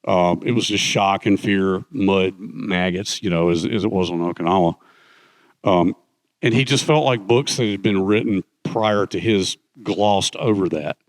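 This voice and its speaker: A man's voice: low-pitched, unhurried, dry recording. An older man, a guest author on stage, retells stories at length, rambling with many fillers and restarts. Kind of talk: fireside chat on stage. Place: conference stage.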